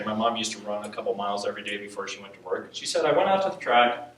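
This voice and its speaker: Guy preaching, bright edgy voice, animated storytelling, echoey hall from far off, bit of hiss. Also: medium pitch, quick pace. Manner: animated storytelling, acts out quotes, laughs often. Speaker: preacher teaching on intercession. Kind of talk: sermon storytelling.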